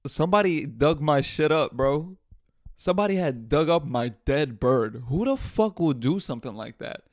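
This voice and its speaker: A man's voice: medium pitch, no echo, studio quality. A man hosting a podcast, telling stories casually with plenty of swearing and bursts of laughter. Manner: profane, animated storytelling with laughs. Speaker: podcast host. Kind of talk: casual storytelling.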